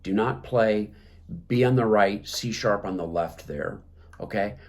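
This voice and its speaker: Low-voiced man teaching clarinet, hesitant. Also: unhurried, darkish tone. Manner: hesitant, many fillers and restarts. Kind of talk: instructional talk.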